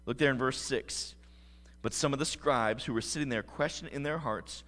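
A man's voice: mid-range voice, normal speed, a bit bright, in a large hall. A man preaching a sermon as pastor, earnest and emphatic.

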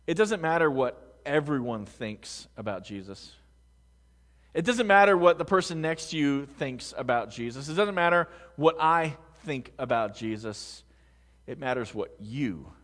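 Male pastor, sermon delivery; conversational, rhetorical questions, hushed-to-loud swings; slightly high voice; recorded with long hall reverb. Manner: dynamic, swings between hushed and loud emphasis. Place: large room with a congregation.

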